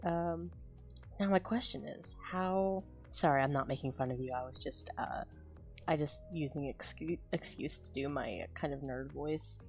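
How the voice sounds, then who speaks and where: Brief: woman with a slightly low voice, chatting loosely with her viewers as she draws. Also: moderate pace, darkish tone, soft background music. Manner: rambling, self-deprecating, chats with viewers. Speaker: artist streaming her drawing. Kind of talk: casual chat while drawing.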